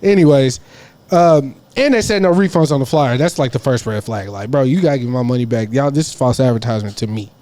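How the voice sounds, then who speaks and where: A man's voice: medium pitch, a little fast, warm tone. A man co-hosting a podcast in casual chat, telling stories in a rambling, slangy way full of restarts. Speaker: podcast co-host. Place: podcast studio.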